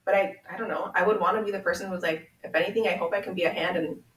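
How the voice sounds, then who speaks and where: A woman's voice: lowish voice, fairly even intonation, very fast, far from the mic. A young woman from Washington State, a podcast guest speaking earnestly and from the heart, with lots of "like" fillers. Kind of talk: candid conversation. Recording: roomy sound, a bit off-mic.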